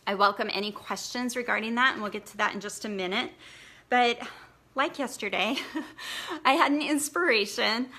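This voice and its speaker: A woman's voice: fairly high pitch, moderate pace, pushed and bright. A woman blogging coach giving a casual, encouraging live training, chatty and full of fillers.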